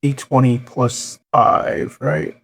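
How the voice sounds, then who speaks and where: A man's voice: mid-range voice, little pitch movement, slow pace, gravelly, a bit bright. A man playing a tabletop game, talking casually and hesitantly. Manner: hesitant, hedging with you know. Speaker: player.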